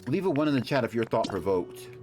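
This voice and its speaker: A man's voice: medium pitch, big pitch swings, quick pace. A man chatting casually with his viewers on a live stream, rambling and playful while he builds. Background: background music.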